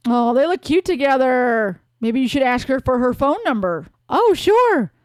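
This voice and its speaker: A woman's voice: sits high, expressive, normal speed, no room sound. Woman, let's play host, casual gameplay commentary, playful, wry, dry close sound.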